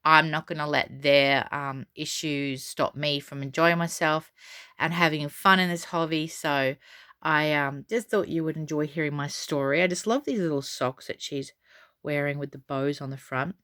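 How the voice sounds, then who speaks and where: Low-voiced, bright, crisp woman vlogger. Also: fairly even intonation, moderate pace, no echo, studio quality. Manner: chatty and rambling, many fillers and restarts; defiant, unbothered. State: frog in her throat. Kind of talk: casual storytelling vlog.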